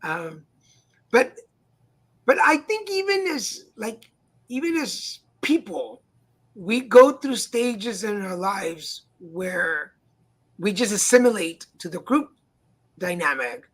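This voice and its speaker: A middle-aged man co-hosting a casual talk stream, chatty and halting with fillers and restarts. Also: high-pitched, sing-song, a bit bright. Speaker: co-host. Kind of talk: casual chat. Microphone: home streaming setup.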